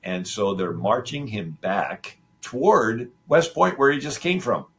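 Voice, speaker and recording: A man's voice: mid-range voice, measured pace. A man hosting a talk show, telling a history story in a loose, rambling way and acting out the lines of the people in it. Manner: animated, acts out the quoted figures' lines; loose and rambling, with many fillers and restarts. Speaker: show host.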